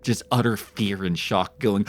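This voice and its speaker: A man's voice: fairly low pitch, no room sound. A young man chatting casually on a live game stream, rambling and reacting jumpily. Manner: animated, jumpy reactions, rambling anecdotes.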